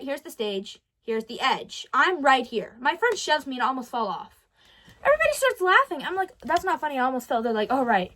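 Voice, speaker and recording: A teenage girl talks straight to camera in a casual diary vlog, her voice sitting high. She tells her story with dramatic swings, stops to correct herself, and rushes on. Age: teens. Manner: animated storytelling, dramatic ups and downs, self-correcting. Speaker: vlogger.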